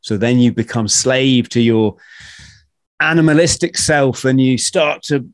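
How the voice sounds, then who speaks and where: A man hosting a podcast, talking in an animated, ranting way and swearing casually. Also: mid-range voice, a little slow, no room sound, clean studio sound. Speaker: podcast host.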